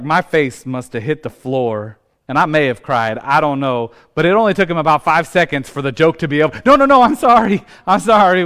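A man's voice: medium pitch, a bit bright, clear, resonant tone. A man, a pastor telling a self-deprecating personal story in a sermon. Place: church sanctuary.

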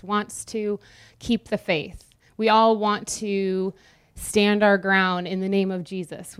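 Young woman preacher, smooth clear voice, conversational sermon with light teasing. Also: medium pitch. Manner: conversational, jokes with the congregation.

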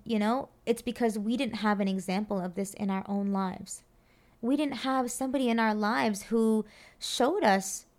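A woman giving an earnest, reflective talk on parenting, often repeating phrases and checking in with her listeners. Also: on the high side. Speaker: parenting speaker.

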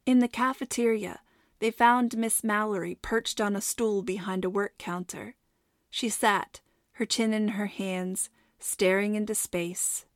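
A woman narrating a storybook in a steady, measured way. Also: mid-range voice, no echo, studio quality. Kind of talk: audiobook narration.

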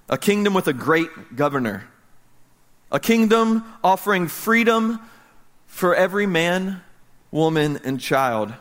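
A man in his thirties from the United States preaching a sermon as pastor, telling a story in a lively way that swings from loud to hushed. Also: a little high.

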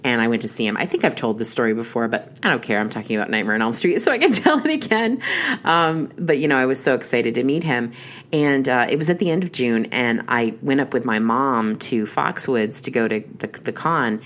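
A woman's voice: rumbling low, a little fast. A young adult woman telling a long, rambling personal story in casual chat, with many restarts and fillers. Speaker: horror podcast host.

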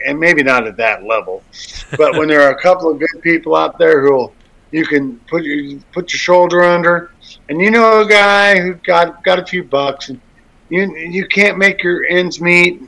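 A man's voice: fairly high pitch, creaky, a bit bright, low-quality recording. A man hosting a casual talk show, rambling with crude jokes and many restarts. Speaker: radio show host.

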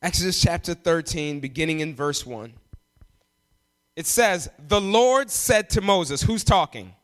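A man preaching a sermon, emphatic and animated, often jumping up in pitch for emphasis. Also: unhurried. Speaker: pastor.

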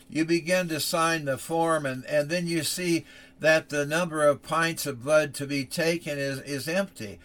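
A man preaching, telling a dramatic story that swings from loud urgency to hushed softness and acts out the voices in it. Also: a little high. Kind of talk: sermon illustration, dramatic storytelling.

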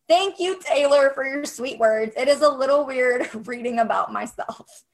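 A woman's voice: high voice, moderate pace, poor audio. A woman coaching photographers on a casual livestream, upbeat and encouraging, speaking straight to her viewers.

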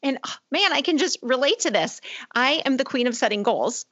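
A woman hosting a faith podcast, speaking in an affirming, energetic way. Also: high-pitched, moderate pace, dull audio. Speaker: podcast host. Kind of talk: faith-based podcast conversation.

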